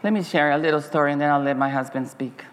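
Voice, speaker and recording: A middle-aged woman giving a sermon as a church speaker, telling stories in a halting way, repeating words and acting out story voices. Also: low-pitched, fairly even intonation, in a large hall, a little hiss or hum.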